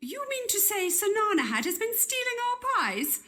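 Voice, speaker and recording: A woman's voice: extremely high pitch, sing-song, normal speed, sharp tone, faint music behind, heavily acted. An actress playing a fussy, gossipy Elizabethan noblewoman with prim, breathless old-fashioned speech. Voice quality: prim, breathless period diction. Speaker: patient. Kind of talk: period game voice acting.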